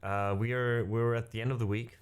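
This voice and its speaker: A man's voice: mid-range voice, steady tone, a little fast, clear, resonant tone. A man, not a native English speaker, chatting casually with his livestream audience between piano pieces, rambling and correcting himself. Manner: rambling, self-correcting, laughs often. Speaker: music streamer.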